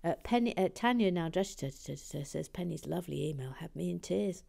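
Low-voiced woman hosting a livestream, chatty and a bit scattered, keeps slipping into soft whispers. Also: expressive, moderate pace, gravelly. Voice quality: soft, often slips into whispered asides. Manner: chatty and self-deprecating, with frequent "uh" and restarts. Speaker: livestream host. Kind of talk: casual chat while building and reading viewer messages.

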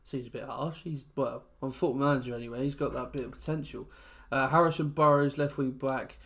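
A young man from England talks over a football video game in loose, rambling commentary. His mid-pitched voice swings between low, glum muttering and loud, excited outbursts as the match turns. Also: a little fast, gravelly. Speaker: gaming YouTuber. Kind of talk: casual gameplay commentary.

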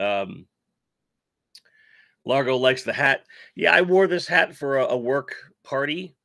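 A middle-aged man, still sick after covid, chats loosely through a toy live stream. His voice is gravelly and bright-edged, and it sits close and dry on the mic. He rambles and pokes fun at himself as he answers chat. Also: medium pitch, no room sound. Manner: rambling, self-deprecating, reads chat aloud. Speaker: toy channel host.

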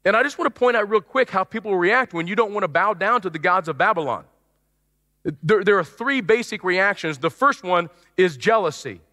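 A male pastor preaching a sermon in an animated way, acting out the voices he quotes, in a church auditorium. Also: high voice, brisk. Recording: long church hall reverb.

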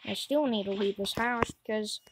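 A woman's voice: mid-range voice, moderate pace, heavy background noise. A woman giving let's play commentary on a horror game, jumpy, gasping and talking back to the game. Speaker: gamer.

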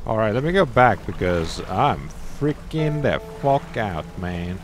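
A man giving loud, excitable gameplay commentary that swears and shouts when something startles him. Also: on the low side, moderate pace, few pauses, faint music behind. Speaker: gameplay streamer.

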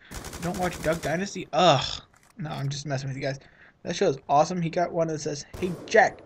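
A man's voice: high voice, a little hiss or hum. A teenage boy giving rambling, self-mocking commentary over his own gameplay, sniffling from a runny nose. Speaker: gaming channel host.

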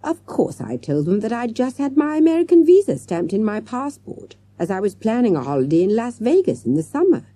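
A woman's voice: on the high side, sing-song, a little fast, few pauses, mellow, breathy edge, voice pushed up. A woman playing an overwrought schoolteacher. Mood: gushing. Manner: theatrical, gushing, overwrought. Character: dramatic, emotional female schoolteacher.

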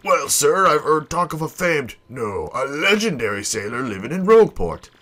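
A man doing a rough pirate deckhand. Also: on the high side, sing-song, normal speed, bright, forceful tone, voice pushed up, full character voice. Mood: eager. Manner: rough, slangy sailor talk.

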